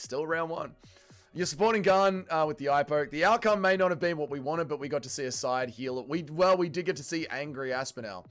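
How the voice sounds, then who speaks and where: Animated young man hosting a livestream. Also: a little high, a little fast, soft background music. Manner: animated, swearing, reacting to chat. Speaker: livestream host. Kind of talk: casual watch-along chat.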